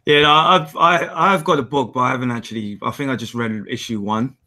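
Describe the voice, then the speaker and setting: A man's voice: medium pitch, fairly even intonation, brisk, sharp tone. A man co-hosting a geek podcast, talking in a laid-back, agreeable way. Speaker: podcast co-host. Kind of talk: casual geek chat.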